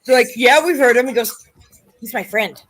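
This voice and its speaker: High-voiced woman telling lively stories. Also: normal speed, faint music behind. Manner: animated storytelling, acting out quoted voices. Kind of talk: casual chat.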